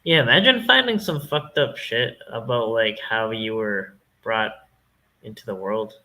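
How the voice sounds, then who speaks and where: A man with a Canadian accent talks in a bright, forward voice. He rambles loosely and jokes, swearing freely as he goes. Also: on the low side, lively intonation, measured pace, poor audio. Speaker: streamer. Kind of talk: casual chat.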